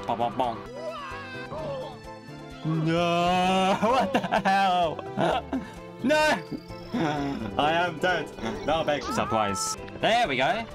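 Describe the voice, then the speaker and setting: A young man chatters through his gameplay with a lively, swooping voice that jumps up and down as he talks, pitched a little higher than most men. He jokes, coaxes his character and pleads with the game, with clear game music playing behind him. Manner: excitable, jokey, talks to the game and chat. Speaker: gaming YouTuber. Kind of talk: live gameplay commentary.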